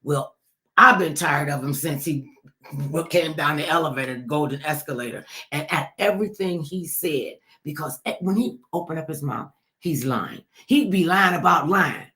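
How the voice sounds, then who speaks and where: A woman's voice: low voice, normal speed, sharp tone. A woman talk show host delivering an emphatic political commentary monologue, repeating herself and addressing listeners directly.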